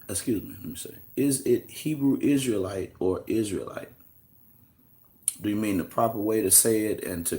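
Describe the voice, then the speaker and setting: A relaxed American man runs a live stream, calling out viewers by name and taking their questions as they come in. He talks in a casual, slangy, unhurried way, and his voice sits a little low. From United States. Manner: loose and conversational, greets chatters by name, slangy asides. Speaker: livestream host answering viewer questions.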